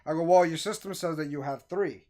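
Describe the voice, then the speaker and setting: A man casually telling a story to friends, acting out the voices of the people in it with animated energy. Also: fairly high pitch, a little fast. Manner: animated, acts out quoted voices.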